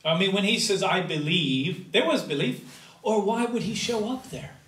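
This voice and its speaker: Male pastor, fairly high voice, slow deliberate sermon delivery with loud bursts and hushed drops; recorded from a distance in an echoey sanctuary. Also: animated. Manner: preaching with sudden loud rises and quiet drops. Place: church sanctuary.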